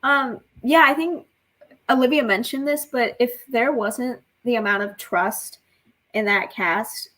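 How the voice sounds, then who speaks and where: A woman's voice: a little high, a little slow, sharp tone, rough recording. A woman, a cast member, thoughtfully recalling the trust among the cast. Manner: thoughtful, hesitant. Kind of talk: casual group reminiscing.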